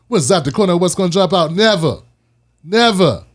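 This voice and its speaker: A man's voice: high-pitched, moderate pace. A man hosting his own show, talking casually and heatedly about politics, repeating lines for emphasis. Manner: animated, preachy, repeats phrases for emphasis. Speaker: host.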